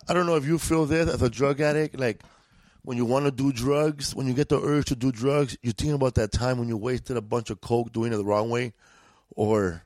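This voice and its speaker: Slangy, profane LA comedian. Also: male voice, mid-range voice, darkish tone, no echo. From East Los Angeles. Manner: profane, laid-back, drawling street slang. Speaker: guest comedian. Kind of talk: casual storytelling.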